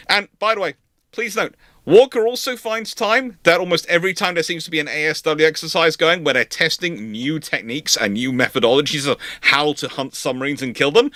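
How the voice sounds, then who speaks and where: A man hosts a live naval history stream, rambling animatedly through his notes and often breaking into laughter. His voice is bright and lively, with pitch that swings widely. The sound is dry and close. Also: no room sound. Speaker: host.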